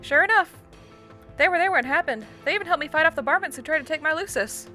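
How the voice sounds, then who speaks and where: A woman reading as a folksy troll girl from the countryside, all put-on Southern drawl and homespun charm. The voice sits high and bright, lifted well above the reader's own. She talks in a breezy, down-home way, for a visual novel read aloud. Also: expressive, quick pace, soft background music. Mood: determined. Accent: put-on American Southern.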